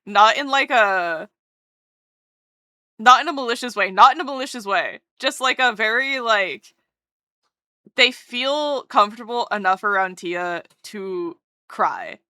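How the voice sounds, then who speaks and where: A woman streamer rambling and gushing in a casual chat while she draws, often breaking off mid-thought. Her voice is slightly high, bright, and smooth, recorded close and dry. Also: unhurried, dry recording. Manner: gushing, rambling, self-interrupting.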